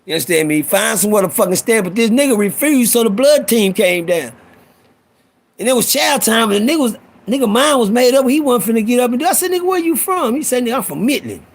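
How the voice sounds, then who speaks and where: A man's voice: extremely high pitch, animated, fast talker. A man hosting a live stream, telling rowdy, profane stories and acting out the voices of people in them. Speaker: host. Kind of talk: storytelling on a live audio stream.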